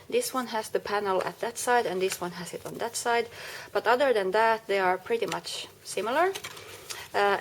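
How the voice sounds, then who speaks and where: A woman's voice: medium pitch, a little hiss or hum. Chatty woman explaining a craft project. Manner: chatty, explaining step by step with small self-corrections. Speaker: crafting video maker. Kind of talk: casual craft tutorial.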